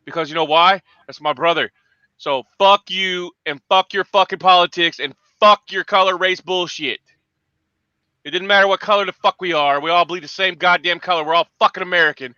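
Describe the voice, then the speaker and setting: A man hosting a morning livestream, swearing through angry, shouting tirades. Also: high voice, brisk, no room sound, dull audio. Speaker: host. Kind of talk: profane morning livestream rant.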